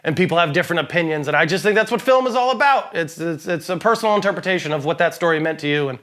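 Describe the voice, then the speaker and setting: High-voiced, emphatic male film reviewer. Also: expressive, racing, a bit bright. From lives in Boston. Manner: emphatic, opinionated, laughs often. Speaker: podcast co-host. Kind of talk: casual movie review chat.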